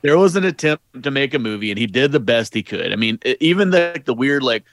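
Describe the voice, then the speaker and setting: A man's voice: medium pitch, animated, brisk, no room sound, clean studio sound. A man casually chatting about a movie as a podcast co-host, easygoing and agreeable. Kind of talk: casual movie recap chat.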